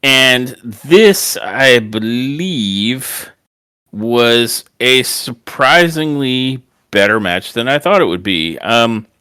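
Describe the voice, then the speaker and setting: A man co-hosting a podcast, recapping a wrestling match in relaxed, casual chat with frequent "like" and "um". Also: mid-range voice, drawn-out words, smooth, no room sound, studio quality. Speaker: podcast co-host.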